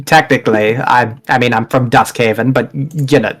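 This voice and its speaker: A man's voice: medium pitch, unhurried, fairly bright tone. A man voicing an exhausted, wounded male mage in a tabletop game, stammering and self-deprecating.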